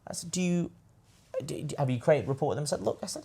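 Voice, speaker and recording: A man's voice: on the high side, lively intonation, quick pace, gravelly, warm tone, breathy edge. A man hosting a podcast, telling a loose, rambling story full of "anyway" and "I said" in casual chat. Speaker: podcast host.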